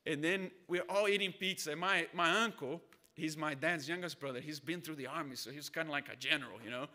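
Bright-voiced man preaching conversationally. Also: a little high, a little fast. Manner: conversational, storytelling with acted voices. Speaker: pastor. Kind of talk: sermon.

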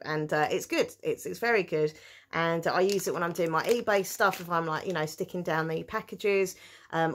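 A woman chatting casually through a shopping haul, giggling and breaking into excited cheers. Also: lowish voice, slight background noise. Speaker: vlogger.

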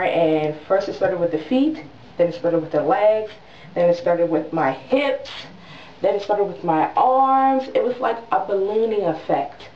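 A young woman in her twenties telling a story in a casual vlog, animated and dramatic, with quick voiced asides. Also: lowish voice, a little hiss or hum. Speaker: new mother vlogger. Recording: distant mic in an echoey room, dull sound.

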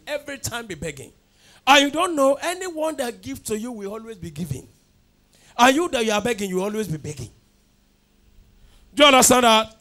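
A man with a very high-pitched, pushed, bright voice leads a church's night prayer service as pastor. Preaching fervently, he guides the congregation through chanted call-and-response prayers.

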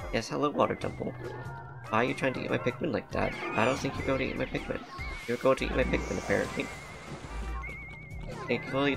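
A man with a low, gravelly voice talks casually through a playthrough, rambling and laughing often. His speech is loose and slangy, as if chatting with friends, and he uses a desk mic. Game music plays clearly behind him. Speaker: let's play commentator. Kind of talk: casual gameplay commentary.

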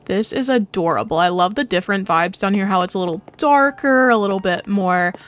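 A woman's voice: mid-range voice, a little fast. A woman hosting a casual game tour, talking in a bubbly, gushing and upbeat way. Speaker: gaming channel host.

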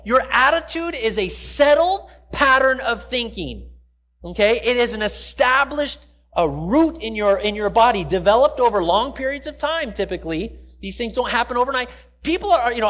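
A man's voice: very high-pitched, a bit bright. A man preaching a sermon in a church in a conversational way, acting out the people he quotes. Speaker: pastor. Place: church sanctuary.

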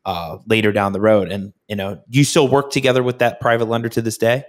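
A man with a somewhat low voice hosts a casual interview. He affirms what his guest says and keeps the conversation going with follow-up questions. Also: steady tone, fairly quick. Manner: affirming, asking follow-ups. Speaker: podcast host.

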